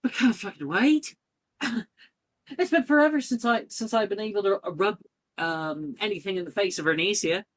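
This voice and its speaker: A man's voice: fairly high pitch, steady tone, normal speed, few pauses, pushed and bright, voice pushed up. A man voicing an eager, brash girl student who curses. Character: excitable girl student, cursing.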